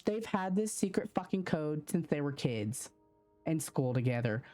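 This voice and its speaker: Young woman game streamer, low and mellow, gushy, swears, faint music under. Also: sing-song. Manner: emotional, swearing, quick to gush. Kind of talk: live game stream commentary.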